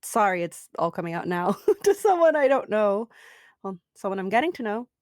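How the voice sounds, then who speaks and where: A woman's voice: mid-range voice, big pitch swings, normal speed, darkish tone, dry recording, studio quality. A woman playing her character in a tabletop game, hesitant and often laughing. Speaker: player. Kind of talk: in-character tabletop role-play.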